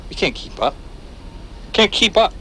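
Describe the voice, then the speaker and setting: Game role: fiery, paranoid agitator; keen, bright tone, restless lively delivery. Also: male voice, sits high, unhurried, slight background noise, heavily acted. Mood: fiery ranting. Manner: impassioned rant, swinging from hushed menace to near-shouts. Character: paranoid, fiery male anti-surveillance agitator. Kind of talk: video game voice acting, radio-style monologue.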